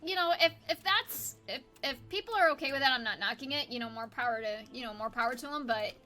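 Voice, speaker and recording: A woman co-hosting a live stream with her husband, chatty and quick to laugh. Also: sits high, animated, pushed and bright, faint music behind. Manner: chatty, emotional, laughs a lot. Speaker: streamer's wife and co-host. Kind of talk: casual live-stream chat.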